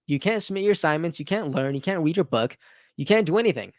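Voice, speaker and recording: Fast and animated, this fairly high-pitched male voice belongs to a livestream host in his thirties fielding viewer questions. He's earnest and eager, frequently restarting phrases and adding "right?", captured in clean, dry studio sound.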